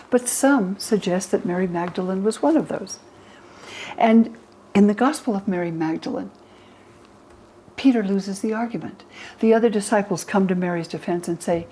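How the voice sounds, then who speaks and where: An older woman scholar explaining old texts to an interviewer, lively, acting out the quoted speakers in higher voices. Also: a little hiss or hum, poor audio. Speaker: religion scholar and guest.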